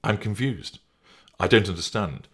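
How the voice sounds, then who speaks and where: A man's voice: on the low side, measured pace, fairly bright tone, husky, voice pushed up, heavily acted. A man voicing an anxious, pleading man who is desperate to hold on to his partner, in an audiobook reading. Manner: pleading, defensive.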